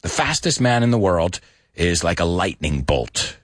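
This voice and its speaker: A middle-aged man, teaching English in a lively bilingual lesson that mixes English and Spanish. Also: deep voice, a little slow, no echo, studio quality. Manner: animated, switches between English and Spanish, sings lyric snippets.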